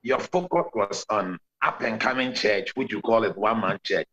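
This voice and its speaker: Bright-voiced Ghanaian man pastor on video call. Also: fairly low pitch, moderate pace, highs cut off. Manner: preaching explanation, counts points, mixes Twi and English. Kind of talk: interview guest answering by video call.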